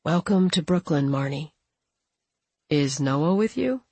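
A woman voicing a reclusive man who speaks quietly and kindly through a closed door, her voice lowered and husky. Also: takes it slowly, no room sound, full character voice. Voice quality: muffled, quiet, low. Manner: gentle, kind, brief. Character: reclusive soft-spoken man behind a door.

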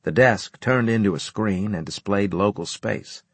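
A man reading a first-person audiobook narration in a measured, wry storytelling manner. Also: fairly low pitch, breathy edge, no room sound.

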